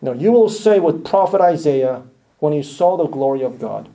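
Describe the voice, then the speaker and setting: Dark-voiced earnest male preacher. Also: on the high side, moderate pace, gravelly. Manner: earnest, swells loud then drops to near-hushed lines. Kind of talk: sermon.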